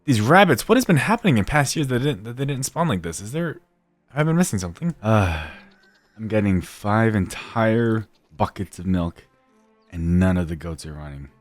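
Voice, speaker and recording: A young man giving casual gameplay commentary, talking to himself, muttering quietly at times and breaking into loud excited shouts. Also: on the low side, moderate pace, soft background music. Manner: drops to near-whispered mutters while working. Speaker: gaming YouTuber.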